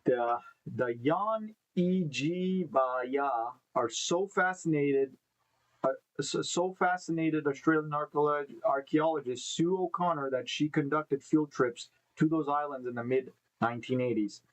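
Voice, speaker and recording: Reading news stories on a casual live stream, a man with a slightly high voice takes his time, fumbling names and breaking off to ponder aloud. He's indoors among live beehives, and the recording quality is low.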